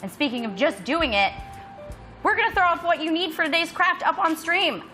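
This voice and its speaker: A woman hosting a studio craft show, playful and giggly in quick banter. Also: very high-pitched, animated, sharp tone, faint music behind. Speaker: host.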